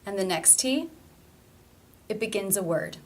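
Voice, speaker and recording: A woman giving an English pronunciation lesson, explaining sounds and repeating example phrases slowly and carefully. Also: medium pitch, animated. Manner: slow, careful demonstration of sounds.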